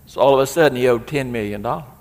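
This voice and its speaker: A man's voice: medium pitch, very fast, darkish tone, in a large hall. A man preaching a sermon as pastor, reading scripture aloud with rising emphasis.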